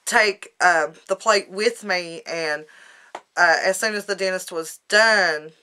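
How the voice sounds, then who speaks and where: A woman's voice: on the low side, slow, sharp tone, clean tone. A woman talking in a rambling, folksy, emotional way in a personal video diary. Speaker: vlogger.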